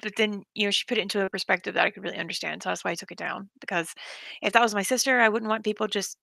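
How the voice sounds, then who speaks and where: A woman's voice: mid-range voice, fairly even intonation, racing, gravelly, sharp tone, no room sound. A woman hosting a casual live stream, chatting and reacting to viewers in a rambling, talkative way. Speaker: livestream host.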